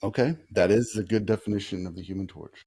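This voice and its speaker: A man hosting a casual movie podcast, chatting easily with kids, asking them questions and pausing often with "uh". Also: deep voice, mellow, husky. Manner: easygoing, asks kids questions, many "uh" pauses. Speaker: podcast host talking with kids.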